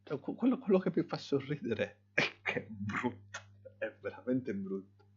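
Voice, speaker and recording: A man with a husky voice giving dismissive, deflated commentary on clips. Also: mid-range voice, sing-song, moderate pace, dull audio.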